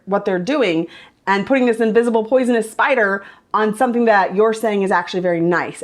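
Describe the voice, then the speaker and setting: A woman vlogger and mother telling a story in a chatty, lively way, quoting herself as she goes. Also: mid-range voice. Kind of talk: casual storytelling vlog.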